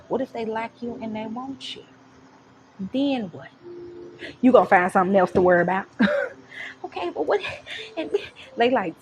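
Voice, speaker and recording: A woman giving a casual tarot reading, talking in an animated, slangy and profane way, with home background noise. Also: fairly high pitch, normal speed. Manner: animated, slangy and profane, breaks into laughs and sung lines. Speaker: tarot reader.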